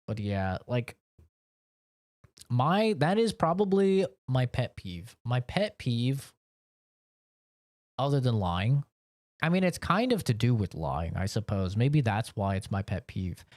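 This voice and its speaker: A man from the United States talks casually on a game stream from his home office. He rambles and curses as he rants, in a voice of middle pitch. The recording is dry and close, with no room echo. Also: very animated, takes it slowly, long pauses, a little mellow. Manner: rambling, profane, ranting. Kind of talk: casual chat while streaming.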